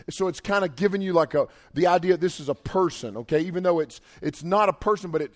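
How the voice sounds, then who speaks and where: A man in his forties preaching to young people in a casual, emphatic way. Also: high-pitched. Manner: casual, emphatic, builds to loud urging. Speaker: pastor.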